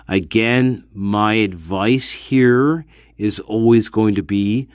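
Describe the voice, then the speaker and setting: A man's voice: medium pitch, lively intonation, takes it slowly, no echo, clean studio sound. A man hosting a casual true-crime commentary, rambling and swearing with sudden outbursts. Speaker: host of a true-crime discussion channel.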